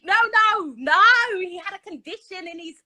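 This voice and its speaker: A woman tells a long personal story, excitable and dramatic, slipping into the voices of the people in it. Her voice sits very high and sounds bright and forceful. The sound is dry and close. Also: moderate pace, dry recording, poor audio. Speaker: caller telling her story. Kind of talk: animated storytelling on a live stream.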